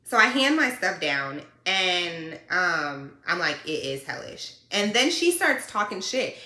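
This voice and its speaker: Sassy, animated woman with a bright voice. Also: on the low side, slow pace. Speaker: truck driver and vlogger. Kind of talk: casual storytelling. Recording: roomy echo.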